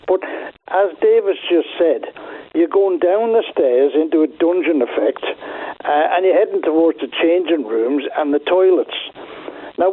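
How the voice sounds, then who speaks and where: Older man caller on a tinny phone line. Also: on the high side. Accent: Manx. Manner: halting, rambling, many fillers.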